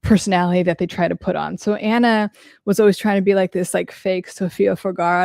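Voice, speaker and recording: A woman's voice: medium pitch, fairly even intonation, fairly quick, vocal fry, darkish tone, dry recording, studio quality. A woman hosting a casual live Q&A as a psychology coach, speaking bluntly and frankly with lots of "like". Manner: blunt, frank, heavy use of "like".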